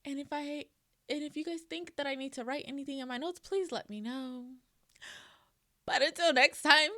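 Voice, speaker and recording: A woman hosting a reaction channel, talking casually in an expressive, emotional way and swearing freely. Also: high voice, moderate pace, no room sound.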